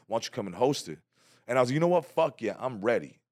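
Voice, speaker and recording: A man telling a stand-up comedy story in a casual podcast interview, slangy and animated, acting out other people's quotes. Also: mid-range voice, quick pace, dry recording, studio quality. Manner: animated, slangy, acts out quotes with big loud jumps. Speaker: comedian guest.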